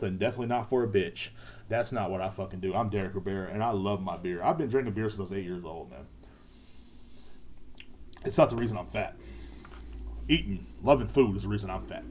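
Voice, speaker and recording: A man's voice: fairly low pitch, brisk, a little mellow. A man hosting a podcast, rambling casually with lots of profanity and repetition. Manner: profane, repetitive, laid-back. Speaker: podcast host.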